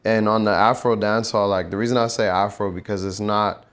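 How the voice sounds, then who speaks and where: A young man from Nigeria chats in a relaxed, reflective way about his music and childhood. His voice sits low and calm. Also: fairly quick, clear, resonant tone. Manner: relaxed, reflective, slips into rap flows. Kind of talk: casual interview chat.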